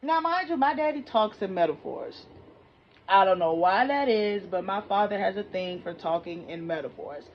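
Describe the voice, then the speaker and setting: A young woman telling a personal story to her viewers in a casual, animated way, often repeating herself. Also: medium pitch, moderate pace. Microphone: phone. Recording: muffled phone audio with faint hiss.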